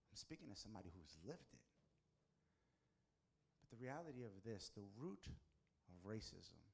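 The speaker is a U.S. pastor delivering a storytelling-style sermon. For emphasis, he pushes his voice up and makes it louder.

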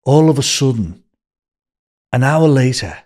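An older man with a Liverpool accent, telling rambling, animated anecdotes as a podcast guest. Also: medium pitch, measured pace. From Liverpool, England. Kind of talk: casual storytelling.

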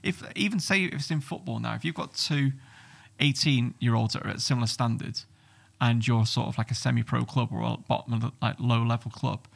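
A man's voice: medium pitch, fairly quick, gravelly. A middle-aged man talking bluntly and swearing freely as a guest in a casual podcast chat. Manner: blunt, sweary, animated storytelling.

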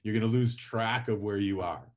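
Animated man teaching public speaking. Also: fairly low pitch, moderate pace. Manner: animated, varies volume and pace for effect. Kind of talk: classroom lecture with demonstrations.

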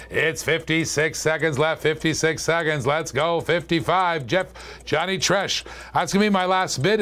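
A man hosting a live-streamed toy car auction, calling bids in quick, chatty patter and joking with viewers. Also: on the high side, a bit bright. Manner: chatty, joking, fast auction calls with laughs.

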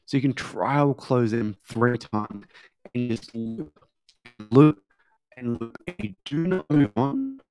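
A man's voice: mid-range voice, lively intonation, slow, darkish tone, clear, resonant tone, soft background music. A man teaching sales, speaking conversationally with frequent filler words and acting out scripted lines. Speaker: sales trainer. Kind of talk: sales training with role-play.

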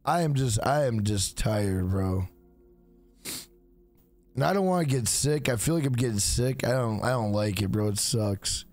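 A man streaming a game live, exhausted and mumbling, with lines that trail off low and get repeated over and over. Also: lively intonation, a little slow, a little mellow, no room sound, faint music behind. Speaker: gaming streamer. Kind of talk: casual live-stream chat.

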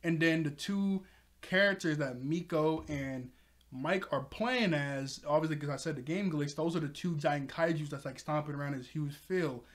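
Excitable man with a higher voice. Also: moderate pace. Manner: excitable, laughs often, chatty filler words. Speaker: cartoon episode reviewer. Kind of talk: casual episode recap.

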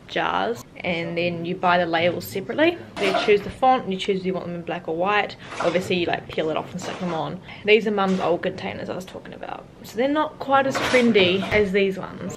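A teenage girl vlogging casually, chatty and quick, turning earnest and close to tears as she speaks her mind. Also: mid-range voice, noisy background. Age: teens. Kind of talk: casual day-in-the-life vlog and rant.

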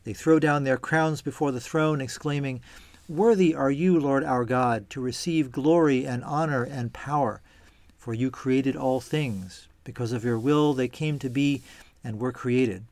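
A man giving a measured, reverent reading of scripture followed by a calm reflection, delivered deliberately for a church series. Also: mid-range voice, no room sound. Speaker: church reader and teacher.

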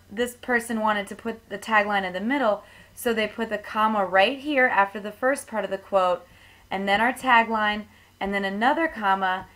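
A woman's voice: medium pitch, fairly bright tone. A woman teacher giving a classroom tutorial, explaining rules step by step in a patient manner.

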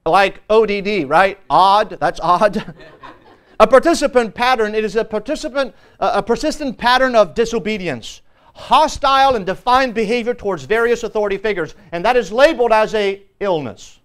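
A man teaching a Sunday school lesson as pastor, earnest and emphatic, often pausing on fillers. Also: high voice, lively intonation, a bit bright, smooth. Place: church.

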